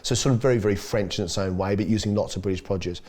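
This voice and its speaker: A middle-aged Australian chef, a podcast guest, chats casually and tells lively stories at a very fast pace. When quoting people, he acts out their voices with big leaps in pitch.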